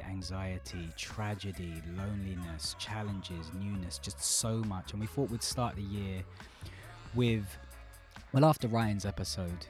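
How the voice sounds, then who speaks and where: A man's voice: low-pitched, a little mellow. A man hosting a podcast, talking in a casual, joking way. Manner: joking, teasing. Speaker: podcast host. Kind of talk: casual chat. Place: remote call.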